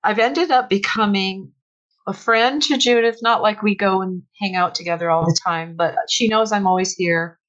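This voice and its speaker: A woman author telling stories from her research in an animated conversational way, with sudden bursts of laughter. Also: mid-range voice, dull audio. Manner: animated, breaks into shrieks and laughter when retelling. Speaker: author guest. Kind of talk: conversational storytelling.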